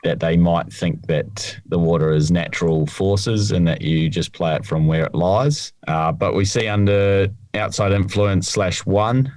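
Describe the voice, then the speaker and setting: Male co-host, deep voice, plain explanatory delivery, dry room. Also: steady tone, measured pace, hardly any pauses, darkish tone, no echo. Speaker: podcast co-host, rules expert. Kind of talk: casual chat.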